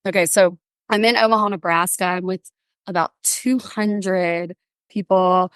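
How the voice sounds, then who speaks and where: A woman guest on a podcast, bubbly and animated, telling stories and acting out little voices in casual interview chat. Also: fairly low pitch, a little slow, clean tone, dry recording, clean studio sound. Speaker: podcast guest, workplace wellbeing speaker.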